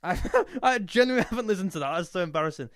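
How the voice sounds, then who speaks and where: A man's voice: sits high, expressive, very fast, fairly bright tone, no room sound, clean studio sound. A young man chatting casually and jokily, now and then singing a snatch of a song. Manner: jokey, snatches of sung lines. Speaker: music youtuber. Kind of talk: casual chat.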